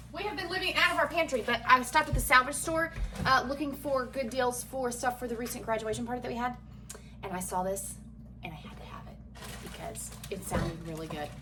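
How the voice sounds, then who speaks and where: A woman's voice: high-pitched, bright, forceful tone, a little hiss or hum. A woman, a chatty, folksy mother talking through a casual home cooking vlog in her kitchen with self-deprecating humor. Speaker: home cook vlogger and mother.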